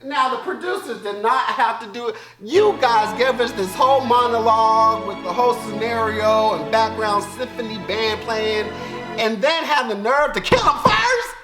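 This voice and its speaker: A man with a Southern US accent giving animated, joking commentary as a YouTube reaction host, breaking into loud outbursts and laughter. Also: extremely high pitch, moderate pace, echoey room, over music. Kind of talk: casual commentary.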